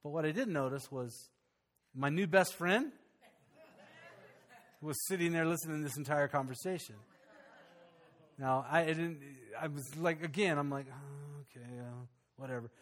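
A man, a pastor, telling a personal story in a lively, conversational way during a sermon. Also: fairly high pitch.

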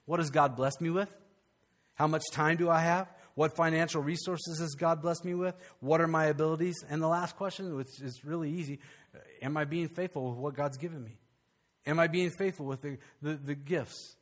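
Man, pastor, high voice, conversational animated sermon, frequent restarts. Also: normal speed.

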